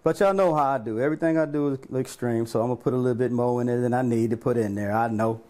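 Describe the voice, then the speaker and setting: Middle-aged male cooking host, playful and chatty, mid-pitched voice, picked up at a distance in a roomy kitchen. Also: racing, darkish tone. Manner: playful, joking, talks straight to viewers in Southern US slang. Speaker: home cooking video host. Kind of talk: casual cooking demonstration. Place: home kitchen. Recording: echoey kitchen from off-mic, faint room noise.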